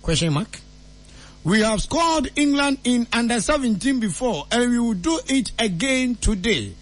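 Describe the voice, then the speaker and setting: A man's voice: very high-pitched, expressive, moderate pace. A man with a Ghanaian accent playing a comic self-styled seer, swinging between mock-solemn pronouncements and loose joking. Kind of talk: comedic prophecy skit.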